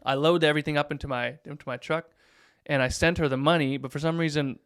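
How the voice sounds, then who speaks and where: A man in his thirties, a pastor, telling a story in a relaxed chat with plenty of fillers. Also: a little high, quick pace, smooth, no echo, studio quality. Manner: animated storyteller, many fillers. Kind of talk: casual podcast storytelling.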